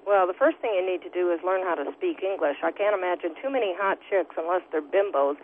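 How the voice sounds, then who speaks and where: A woman's voice: fairly low pitch, fast. A woman calling in to a radio show, blunt and scornful toward the guest. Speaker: caller. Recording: tinny phone line with faint hiss.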